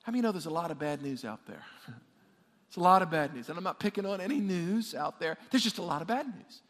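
Pastor, male, high voice, energetic preaching with call-and-response, long hall reverb. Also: quick pace. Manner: energetic, repeats words, asks the congregation to respond. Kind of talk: sermon. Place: church sanctuary.

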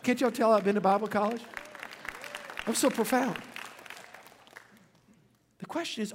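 A pastor from Louisiana in his fifties delivers a sermon in a church, his creaky voice pitched high for a man. He tells stories energetically and tosses joking asides to the congregation.

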